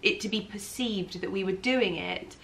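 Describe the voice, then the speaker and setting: A woman's voice: mid-range voice, normal speed, a bit bright, slight background noise. A woman casually chatting with her husband at home, telling stories and laughing. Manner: storytelling, laughing as she talks. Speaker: co-host, wife. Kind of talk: casual couple Q&A chat.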